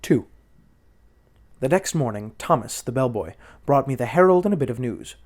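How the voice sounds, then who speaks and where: A man narrating a classic horror story in the first person, with measured, dramatic pacing. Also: medium pitch, animated, darkish tone. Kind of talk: audiobook narration.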